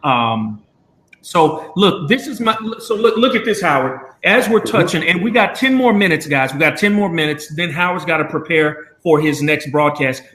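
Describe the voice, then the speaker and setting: A man's voice: a little high, expressive, moderate pace, fairly bright tone, echoey room. A man hosting a live video chat, talking earnestly and rambling with many fillers. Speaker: show host.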